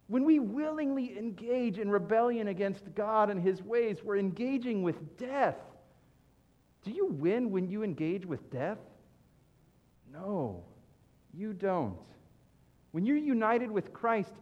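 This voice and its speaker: High-voiced pastor preaching in a hall. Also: male voice, lo-fi sound. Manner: animated, acts out comic voices in his examples. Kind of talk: sermon.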